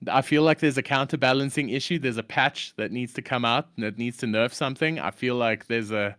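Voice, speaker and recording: A man's voice: medium pitch, brisk, a bit bright, no room sound, studio quality. A man hosting a live stream, talking with enthusiasm and poking fun at himself. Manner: enthusiastic, playfully self-mocking. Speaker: stream host.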